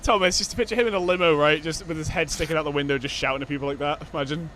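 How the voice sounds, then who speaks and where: A man's voice: a little high, fairly even intonation, very fast, bright, forceful tone, a little hiss or hum. A man bantering crudely on a game stream, swearing and laughing a lot. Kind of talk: casual chat on a game stream.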